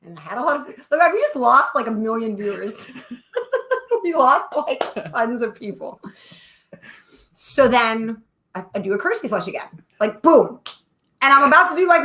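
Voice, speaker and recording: A young woman telling a funny story in a casual live chat, animated and full of laughs. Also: on the high side. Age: young adult. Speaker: co-host.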